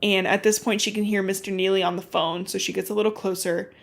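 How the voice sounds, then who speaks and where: A woman hosting a podcast, recapping a book in casual, animated storytelling full of swearing and "like"s. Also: mid-range voice, fast, vocal fry. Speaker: podcast host.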